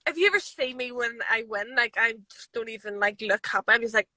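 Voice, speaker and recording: A woman MMA fighter being interviewed, telling stories in a chatty, animated way with lots of fillers. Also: fairly high pitch, fairly quick, no echo, low-quality recording. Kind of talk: casual interview chat. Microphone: live video stream.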